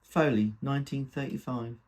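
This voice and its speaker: Small old fella, cheery, know-all, husky voice, as a male reader puts him on. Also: medium pitch, steady tone, normal speed, a little mellow, close to an everyday voice. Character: small elderly man, friendly, a bit of a know-all.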